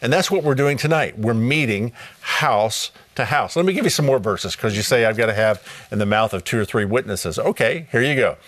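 Upbeat and welcoming, a middle-aged Bible study host reads scripture during a live broadcast and slowly goes over contact details more than once. His mid-range voice is expressive and a bit bright, recorded dry.

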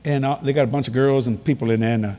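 A man preaching a humorous storytelling sermon in a large hall, animated and repeating key lines for emphasis. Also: medium pitch, racing. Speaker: preacher leading a ministry. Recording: long reverb of a large hall.

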